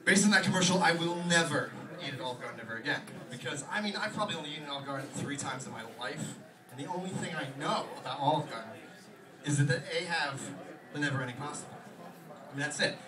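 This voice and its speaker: Brief: young male comic, rapid rambling stand-up, slightly high voice, echoey bar with a loud crowd. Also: distant mic. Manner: rapid rambling delivery with fillers. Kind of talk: stand-up comedy set. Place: small pub stage.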